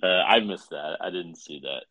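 A man with a very low, husky voice explains his views in a measured way, pausing often on fillers. The recording is dry and close to the mic. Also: bright, forceful tone, dry recording. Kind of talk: casual political chat.

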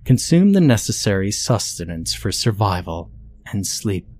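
A cold, faceless entity gives orders in flat, unhurried commands, voiced by a man. The voice sits on the lower side, measured and without warmth, in a scripted horror reading. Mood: cold commanding.

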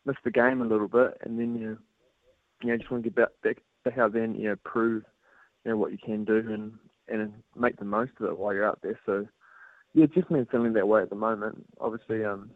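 A young man from New Zealand with a New Zealand accent, calling in to a radio show for casual chat, relaxed and laughing along. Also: lowish voice, fast talker, no echo. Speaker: guest on the phone. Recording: tinny phone line.

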